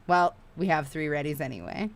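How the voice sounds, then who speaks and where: While she crochets, a female streamer talks with her audience in an excited, talkative way, cursing without restraint. Her voice is low and gravelly, and she speaks a little fast.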